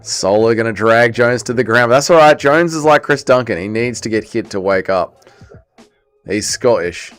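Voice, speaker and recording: A young Welsh man hosting a casual livestream watch-along, chatting excitedly with his viewers and calling the action. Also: mid-range voice, moderate pace, smooth, faint music behind. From Wales. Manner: excitable, chatty, reads chat aloud. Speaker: livestream host.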